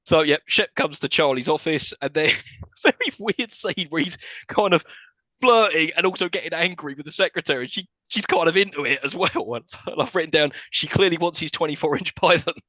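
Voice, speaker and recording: A man's voice: on the high side, a little fast, sharp tone, dry recording. A man co-hosting a podcast, recapping a film in casual chat and laughing often. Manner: laughs often while recapping scenes, swearing. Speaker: podcast co-host.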